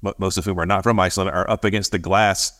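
A man co-hosting a podcast, telling a story in casual chat, animated, acting out the voices of the people he quotes and laughing often. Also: sits low, fast. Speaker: podcast co-host.

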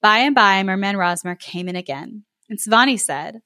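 A woman podcast host reading a folk tale aloud, giggling and adding lively asides. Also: medium pitch, normal speed, no echo, clean studio sound.

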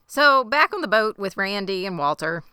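Bright-voiced woman recapping a show. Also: mid-range voice, moderate pace, smooth, dry recording, studio quality. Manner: animated recapping, acting out characters' lines. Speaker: podcast co-host recapping a TV episode. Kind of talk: casual chat.

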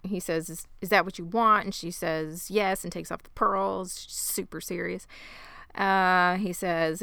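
A woman co-hosting a podcast, retelling a story in casual chat with wry, sarcastic asides and quick acted-out lines. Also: lowish voice, fairly even intonation, creaky, bright, forceful tone, no room sound. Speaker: podcast co-host recapping a show.

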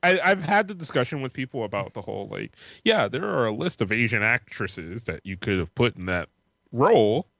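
A man co-hosting a casual podcast, telling stories in a relaxed way with many fillers. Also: mid-range voice, fairly quick, creaky, no echo, studio quality. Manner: relaxed storyteller, hesitant with fillers. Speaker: podcast co-host. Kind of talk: casual chat.

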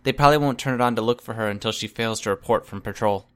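A man voicing a sharp, smug teenage girl who reads people, speaking in a knowing, dry, slightly wiry tone. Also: fairly low pitch, fast talker, clean tone, close to an everyday voice. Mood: matter-of-fact.

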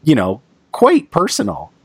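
A man's voice: a little high, wildly swooping pitch, measured pace, gravelly, husky, no echo. A man hosting a podcast, interviewing a guest in a conversational way with hesitant restarts. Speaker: podcast host. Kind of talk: casual interview.

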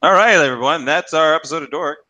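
A man co-hosting a comedy podcast, dropping wry quick remarks in casual chat. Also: fairly high pitch, pushed and bright. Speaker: podcast co-host.

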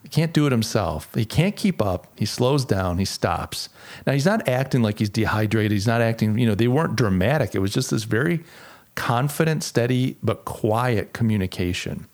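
With a fairly low voice, lively intonation and a moderate pace, a middle-aged man hosts a solo podcast. His talk is casual and reflective, full of restarts.

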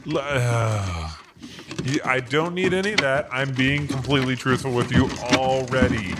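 A flustered traveler who stammers and pleads his innocence, as a man plays him in improvised comedy. His voice is mid-pitched and ordinary, and it jumps high whenever he protests. He keeps tripping over his own words as he apologizes. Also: normal speed, very noisy, natural voice. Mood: pleading. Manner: stammering, pleading, giggling through lines. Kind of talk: improvised comedy role-play.

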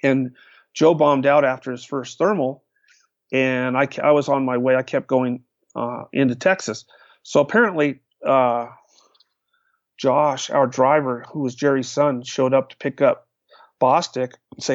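A man with a gravelly, creaky voice telling casual stories at length, rambling and restarting as he goes. The recording is dry and close but dull and lo-fi. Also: medium pitch, steady tone, measured pace, dry recording. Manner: rambling, with many restarts and fillers. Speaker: guest pilot telling stories. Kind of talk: casual storytelling. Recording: dull, lo-fi sound.

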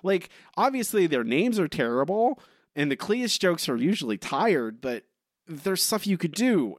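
Male podcast co-host, lively swooping pitch, bone-dry sound, rambling casual chatter. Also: moderate pace, no room sound. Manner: animated, rambling with many "like" fillers. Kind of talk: casual chat.

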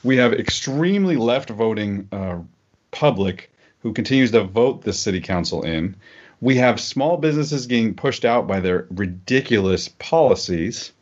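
Low-voiced man rambling on a podcast. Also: expressive, moderate pace. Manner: rambling, with many fillers and restarts. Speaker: podcast co-host. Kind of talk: casual political podcast chat. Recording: dull lo-fi podcast audio.

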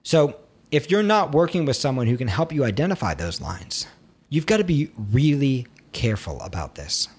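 A man gives a screenwriting lesson in a slightly husky voice. His pitch swings freely as he talks. He is expressive and animated, and now and then he acts out the nagging inner critic. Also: normal speed. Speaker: screenwriting teacher. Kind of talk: instructional talk to camera.

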